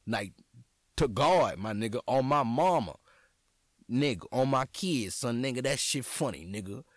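A comedian and podcast host from New Orleans talks casually and profanely on his solo podcast in a local accent, rambling in a stop-start way with many restarts. His voice is medium-pitched with lively intonation and a measured pace. The sound is clean studio audio with no echo.

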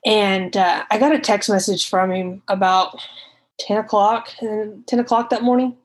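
A woman talks through a hard memory from her own life. She speaks in a casual, halting way, restarts and repeats herself often, and her voice sits in an ordinary middle range. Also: mid-range voice, fairly even intonation, low-quality recording. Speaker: storyteller recounting her past. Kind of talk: personal storytelling.

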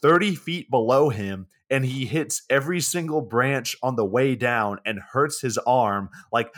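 A man's voice: medium pitch, unhurried, fairly bright tone. A man hosting a casual podcast, retelling a film's plot in a laid-back, wry way with plenty of swearing. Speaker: podcast host. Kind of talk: casual movie plot recap.

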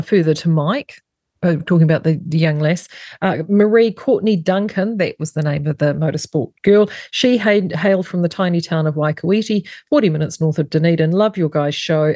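A middle-aged New Zealand woman hosts a talk radio show, her voice sitting on the low side. She reads listener messages and news items in a steady studio voice. The sound is dry and close, with no room echo. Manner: reads listener messages aloud, then conversational asides. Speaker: radio host. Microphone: studio microphone.

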